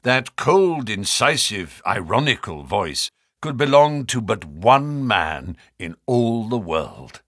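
A man narrates an audiobook in a measured storytelling way. His voice sounds bright, and its pitch moves with plenty of life. It is recorded close and dry, with no room sound. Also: very animated, husky, dry recording. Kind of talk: scripted narration.

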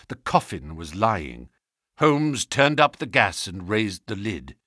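An audiobook narrator gives a measured, expressive scripted reading of a classic detective story. His pitch is medium, and the recording is dry with clean studio sound.

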